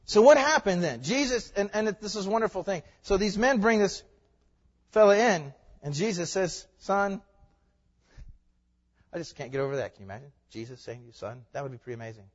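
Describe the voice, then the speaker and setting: A man preaching a sermon as a pastor, swinging between loud emphatic lines and soft hushed ones. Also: sits high, animated, a little fast, in a large hall, muffled recording.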